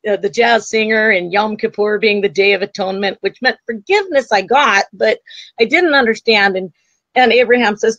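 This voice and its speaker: Animated woman storyteller, psychic-medium guest, dry and slightly muffled. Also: medium pitch, normal speed, dry recording. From United States. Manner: animated storytelling, acts out quoted voices. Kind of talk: storytelling in an interview.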